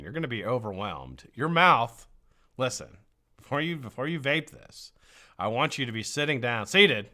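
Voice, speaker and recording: A man hosts a live stream, greeting his viewers by name in a bright, forceful voice. His pitch jumps up and down a lot as he talks. He has a frog in his throat. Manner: energetic, greets viewers one by one. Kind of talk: casual live-stream chat.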